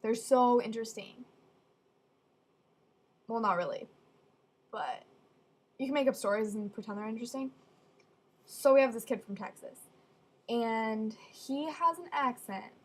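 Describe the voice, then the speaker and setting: A young woman telling funny stories casually, with deadpan asides. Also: on the high side, unhurried, long pauses. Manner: chatty, deadpan asides, acts out quoted voices. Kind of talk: casual storytelling.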